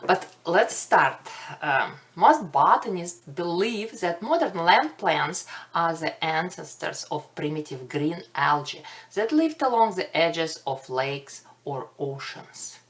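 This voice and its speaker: A woman's voice: sits low, animated, takes it slowly. A woman with a Russian accent giving a recorded botany lecture, careful and explanatory, with light self-deprecating humor. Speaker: botany instructor.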